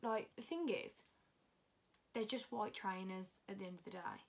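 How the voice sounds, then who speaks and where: A woman's voice: mid-range voice, normal speed, gravelly. A young woman chatting casually through a fashion haul, talking freely and swearing often. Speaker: fashion vlogger.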